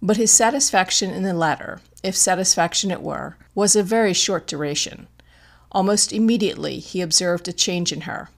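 Brief: audiobook narrator, woman, slightly low, deliberate storytelling. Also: creaky. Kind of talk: scripted narration.

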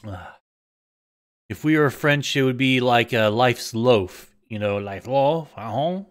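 A man streaming a game live, chatting casually, swearing often and snapping into sudden yells. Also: mid-range voice, takes it slowly, clean tone. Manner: excitable, swearing, prone to sudden yelling outbursts. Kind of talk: casual live-stream chat while gaming.

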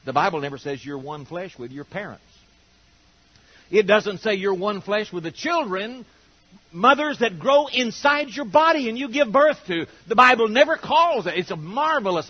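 An older man preaching a sermon to a congregation, telling homespun, humorous stories and acting out the quotes. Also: high-pitched. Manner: folksy, humorous storytelling with acted-out quotes. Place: church auditorium with congregation. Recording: dull lo-fi sermon recording.

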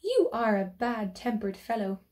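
A woman voicing a cheerful, polite little man from a storybook, speaking in a high, bright and chirpy way. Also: sing-song, measured pace. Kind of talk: storybook character voice.

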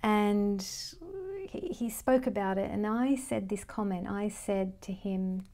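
This is a woman teaching Vedic astrology in a loose, conversational lesson. Her voice is dark and mellow, with a gravelly edge of vocal fry. She thinks aloud as she works through her notes. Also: mid-range voice, steady tone, takes it slowly. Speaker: Vedic astrology life coach.

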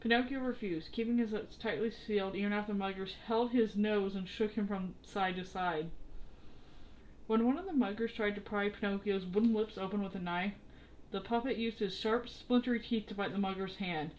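A woman's voice: mid-range voice, moderate pace, slight background noise, poor audio. Woman reading a story aloud. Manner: steady, expressive storytelling. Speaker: storybook reader.

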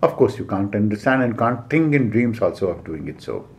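A man with an Indian English accent lecturing as an exam coach, giving numbered points with frequent "uh" pauses and repeated key phrases. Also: lowish voice, sing-song, gravelly, darkish tone, a little hiss or hum. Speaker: civil service exam coach. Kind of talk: classroom lecture.

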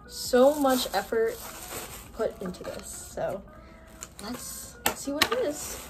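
A young woman filming an unboxing haul vlog, gushing and gasping with excitement over each item. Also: mid-range voice, a little slow, soft background music. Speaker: vlogger.

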